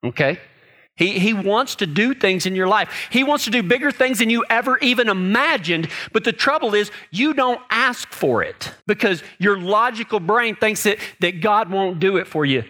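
A man's voice: high voice, animated, moderate pace, bright, forceful tone. A man preaching a sermon in a folksy, conversational way, telling personal stories, often repeating words and checking in with "okay?" and "right?".

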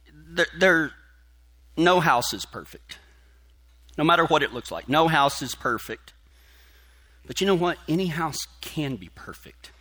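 Middle-aged man, preacher; folksy, halting storyteller who builds to fervor, bright and a bit high. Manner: folksy storytelling, many restarts, grows fervent. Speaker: pastor. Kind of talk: sermon with personal story.

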